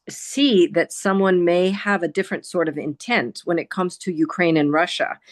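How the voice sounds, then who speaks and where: Woman asking a question on a video call, lowish voice, thoughtful and a bit hesitant. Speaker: audience member asking a question.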